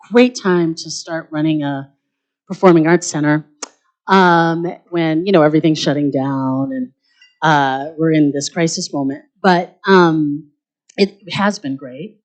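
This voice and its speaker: A woman who leads an arts center, telling a lively, quick anecdote at a luncheon panel with plenty of fillers. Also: on the low side.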